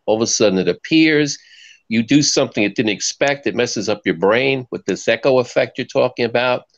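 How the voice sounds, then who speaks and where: A man with a gravelly, mid-pitched voice asks probing questions and lays out his theories in a measured, analytical way. His voice comes through muffled, lo-fi stream audio. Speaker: co-host asking questions. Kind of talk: casual talk, interviewing and theorizing.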